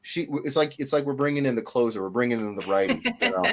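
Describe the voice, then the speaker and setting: A man hosting a casual livestream, jokey and animated as he greets viewers. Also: medium pitch, quick pace, a little hiss or hum. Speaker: host.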